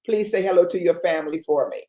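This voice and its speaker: Hosting a Christian talk show, a woman speaks fast with a fairly low, warm voice. Her delivery has an emotional, exhorting preacher's cadence, and the recording carries a roomy echo.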